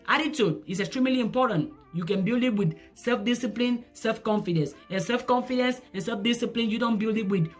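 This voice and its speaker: A woman speaking as a life coach in an emphatic, repetitive motivational talk, with non-native English phrasing. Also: medium pitch.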